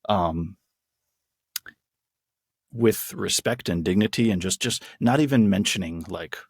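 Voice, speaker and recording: A man with a very low, husky voice co-hosts a podcast. He talks enthusiastically, rambling through his points with restarts. The sound is dry and close. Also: measured pace, no room sound. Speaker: podcast co-host. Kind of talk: casual chat.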